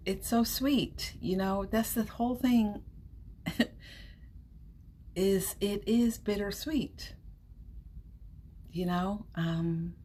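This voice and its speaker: Slow-talking woman chatting on a live stream. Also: mid-range voice. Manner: chatty, laughs often, warm reassurances. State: runny nose. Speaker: livestream host. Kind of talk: casual live-stream chat.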